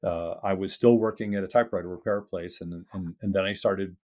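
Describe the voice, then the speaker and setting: Deep-voiced older man telling his story. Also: a little fast. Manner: animated storyteller acting out quoted dialogue; casual with mild swearing. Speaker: guest. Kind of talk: casual storytelling interview.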